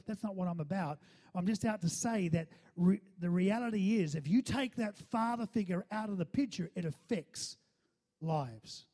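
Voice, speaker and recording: A male pastor delivers a sermon with a high, mellow voice. He keeps checking in with his listeners and doubles back on words as he talks. The sound carries a long hall reverb. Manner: calls for audience response, repeats words.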